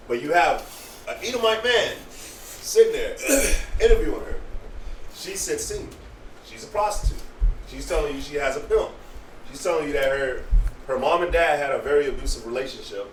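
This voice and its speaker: A man with a middle-pitched voice recounts a story during a group discussion. He sits away from the microphone, so his voice sounds roomy and distant. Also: slight background noise. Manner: recounts a story in plain detail. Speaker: discussion participant. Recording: roomy, off-mic.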